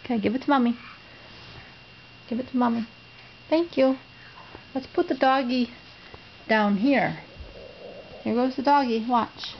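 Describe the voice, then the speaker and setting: A mother speaks slowly to her little one in a higher, sing-song baby-talk voice, drawing out each coaxing word. The sound is dull and lo-fi, like a home video, with a faint hiss underneath. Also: gravelly. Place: home, on a bed.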